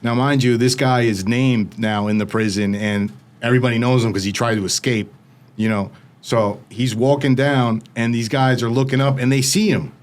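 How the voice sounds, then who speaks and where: Male podcast guest, middle pitch, vivid casual storyteller, studio mic. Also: steady tone, normal speed. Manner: vivid storytelling with frequent "like" fillers. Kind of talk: recounting a personal story.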